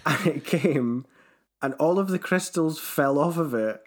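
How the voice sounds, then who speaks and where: A man's voice: fairly high pitch, a little slow. Teasing young man. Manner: animated, teasing, laughs often. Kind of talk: casual chat.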